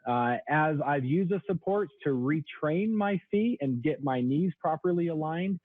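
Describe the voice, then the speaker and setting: A man's voice: expressive, measured pace, no echo. A man in his thirties, a sales trainer, explaining products as a guest on a radio show. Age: 30s. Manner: explanatory, product-pitch delivery. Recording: tinny phone line, dry.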